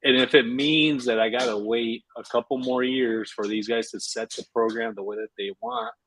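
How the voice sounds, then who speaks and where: A man in his thirties co-hosting a live show, talking casually and haltingly with some swearing. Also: medium pitch, fairly even intonation, a bit bright, no room sound, poor audio. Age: 30s. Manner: casual, halting, mildly profane. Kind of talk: casual live-stream chat.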